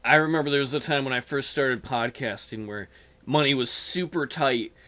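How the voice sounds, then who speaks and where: Casting: man podcast co-host, bright tense tone, casual joking chat, a little tired. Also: medium pitch, normal speed.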